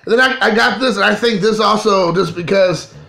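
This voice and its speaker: Man, from Kentucky, casual collector vlog, rambling and self-correcting, slightly high voice, roomy echo. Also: a little fast, creaky, pushed and bright. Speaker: card collector. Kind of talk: casual show-and-tell vlog.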